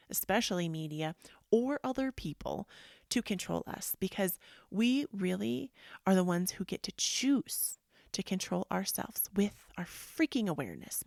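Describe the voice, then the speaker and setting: A woman with a low, gravelly voice leads a casual motivational talk about self-help and healing. She speaks earnestly and with emphasis, often drifting into soft, whispery asides. Her voice sounds close and dry, with no room around it. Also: no echo. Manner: earnest and emphatic, with frequent "like" and "freaking". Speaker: yoga and self-help podcast host.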